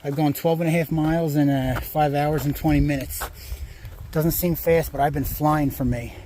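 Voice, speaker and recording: A man's voice: fairly high pitch, fairly even intonation, normal speed, mellow, a little hiss or hum. A man filming a casual trail vlog outdoors, chatting in a rambling way with lots of fillers. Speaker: hiker vlogger.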